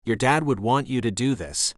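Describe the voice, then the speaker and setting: A man's voice: medium pitch, animated, normal speed, no echo, clean studio sound, natural voice. A man voicing an Irish resort owner who talks in a lilting, insistent way.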